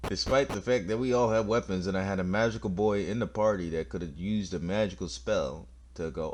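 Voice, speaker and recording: A man's voice: low voice, fairly quick, hardly any pauses, a little mellow, slight background noise. A man commenting playfully on a video game as he plays, laughing often. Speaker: let's play host. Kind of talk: gameplay commentary.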